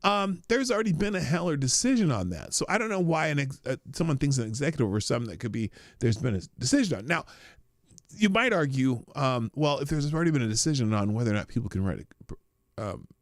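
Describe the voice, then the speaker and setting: Lively rambling livestream host, a man. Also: fast talker, dry recording, studio quality. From Omaha, Nebraska. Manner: rambling, chatty, swears casually, jumps between high and low pitch. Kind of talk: casual live-stream chat.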